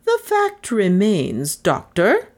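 A woman reading aloud voices a brisk, commanding older spinster. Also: a little high, huge pitch swings, darkish tone, pitched above the performer's own voice, heavily acted. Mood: cold anger.

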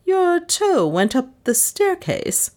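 A woman voicing an irritable, brisk elderly lady who speaks sharply and impatiently. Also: on the low side, huge pitch swings, creaky, exaggerated voice.

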